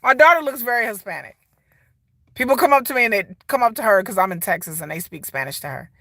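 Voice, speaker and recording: Animated, chatty woman in her forties. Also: on the high side, fast. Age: 40s. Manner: chatty, rambling, laughs often and mimics people. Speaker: vlogger. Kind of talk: casual chat to camera.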